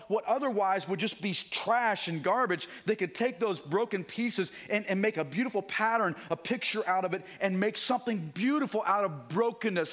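Animated male preacher, slightly high voice. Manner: animated, dropping to near-whispers for emphasis. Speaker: guest preacher. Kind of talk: sermon.

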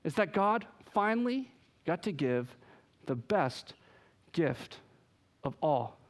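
A man preaching a sermon, telling stories with lively energy and acting out the voices of the people in them. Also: on the high side, takes it slowly. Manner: animated storytelling, acts out quoted voices. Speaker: pastor.

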